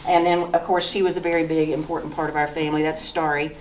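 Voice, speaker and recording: A woman's voice: sits low, little pitch movement, fast, slight background noise. A woman in her sixties from East Tennessee with a Southern accent, telling folksy stories as she walks through old photos in a museum talk. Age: 60s. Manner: folksy, storytelling, pointing at photos. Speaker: author giving a talk. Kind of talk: slideshow talk with personal memories. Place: museum lecture room. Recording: echoey room from far off.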